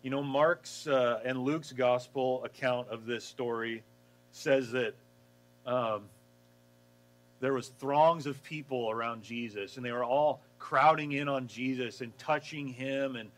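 A man preaching a casual, lively sermon, acting out the story and laughing along. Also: mid-range voice, unhurried, low-quality recording. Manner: animated storytelling, acts out voices, laughs. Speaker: pastor.

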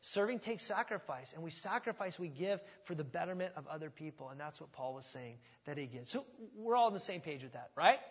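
Husky high-voiced preacher in a hall. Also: male voice, fairly quick, hardly any pauses. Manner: animated, conversational, emphatic. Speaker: pastor. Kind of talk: expository sermon.

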